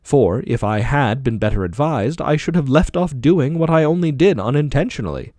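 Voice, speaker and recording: A man's voice: mid-range voice, animated, moderate pace, mellow, no echo, studio quality, lightly acted. A man reading the part of an aging male philosopher defending himself in court, with probing, rhetorical questioning. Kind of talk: audiobook dialogue reading.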